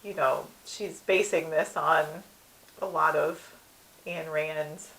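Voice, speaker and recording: A woman co-hosts a casual review show, talking things through with easy light laughs. Her voice sits fairly low yet sounds bright and clear. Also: takes it slowly, poor audio. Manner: relaxed explaining, with light laughs. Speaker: podcast co-host. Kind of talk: casual episode review chat.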